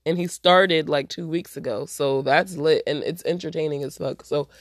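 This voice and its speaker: A woman's voice: deep voice, fairly even intonation, moderate pace, no room sound. Blunt cussing woman host with a stuffed-up nose, dry close sound. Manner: blunt, profane, slangy. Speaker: podcast host. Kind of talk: casual solo podcast rant.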